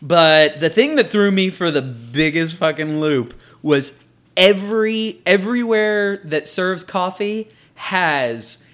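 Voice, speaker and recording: A man's voice: high voice, slow. A young man hosting a casual podcast in an apartment, telling stories animatedly and swearing a lot. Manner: profane, animated storytelling with frequent laughter. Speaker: podcast host. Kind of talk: casual chat.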